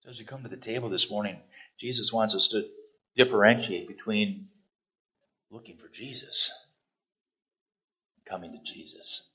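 A man preaching a sermon, animated and emphatic, with repeated punchy phrases. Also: fairly low pitch, moderate pace, pauses often, husky, no echo, highs cut off. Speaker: pastor.

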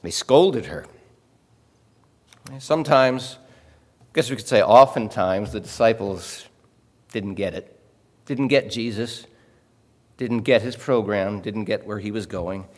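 A man preaching a sermon in a conversational way, often pausing to ask "okay?" and repeating words as he explains. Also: lowish voice. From Illinois. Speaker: pastor. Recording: long hall reverb.

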